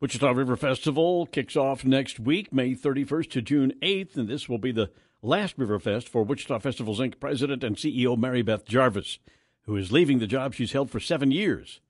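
Husky radio news anchor man. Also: medium pitch, brisk, dry recording, clean studio sound. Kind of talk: local radio news reading.

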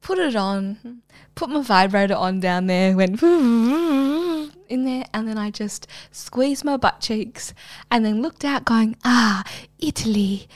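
A woman's voice: a little high, takes it slowly, no room sound. A young woman co-hosting a podcast, telling crude stories in casual chat with lots of laughter. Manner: lively, crude, laughing storyteller. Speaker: podcast co-host.

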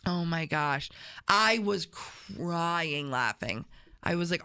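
A woman's voice: lowish voice, slow pace, clear, resonant tone. A woman co-hosting a morning radio show, telling a story in casual banter and acting out the voices of the people in it. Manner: chatty, animated storyteller acting out quotes. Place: radio studio. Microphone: studio microphone.

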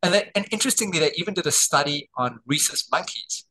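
A middle-aged Australian man, a doctor and author, talking as a guest over a video call from home and telling lively anecdotes. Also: fairly high pitch, quick pace, low-quality recording. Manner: lively anecdotes, acting out quoted dialogue. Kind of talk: interview storytelling. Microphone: video call on borrowed telehealth equipment.

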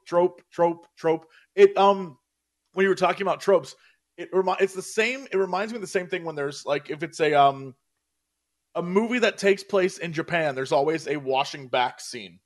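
Casting: man with a high voice, casual co-host, meandering delivery full of fillers. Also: lively intonation, moderate pace. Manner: rambling, searching for words, many fillers. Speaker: podcast co-host. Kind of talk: casual chat.

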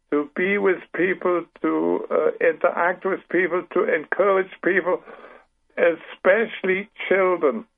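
A man in his seventies with a German accent, a guest author speaking earnestly with many restarts in a radio interview. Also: sits high. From Britain, raised in Paraguay. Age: 70s. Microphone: telephone. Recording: tinny phone line.

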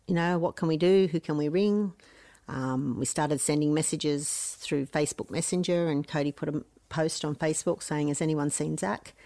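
A middle-aged mother with an Australian accent tells her story in an earnest, plain-spoken way. Her voice sits a little low for a woman. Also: gravelly, darkish tone, no room sound. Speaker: mother of a missing man. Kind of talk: emotional interview recollection.

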